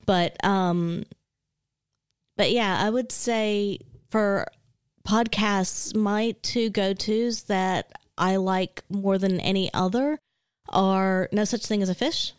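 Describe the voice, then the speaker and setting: A woman co-hosting a podcast, chatting casually in a relaxed, hedging way with fillers. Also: medium pitch, takes it slowly, smooth, dry recording, clean studio sound. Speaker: podcast co-host. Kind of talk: casual chat.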